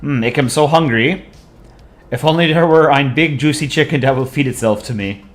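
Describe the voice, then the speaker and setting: A man's voice: medium pitch, normal speed, close to an everyday voice. A man voicing a greedy, hungry male countryball. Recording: echoey room with faint music.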